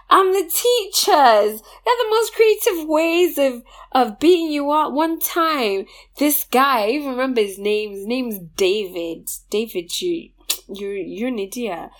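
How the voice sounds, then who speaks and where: A woman chatting casually with a fairly high voice that swings widely in pitch. She talks at an unhurried pace and stays expressive, often laughing as she tells her story. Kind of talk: casual chat.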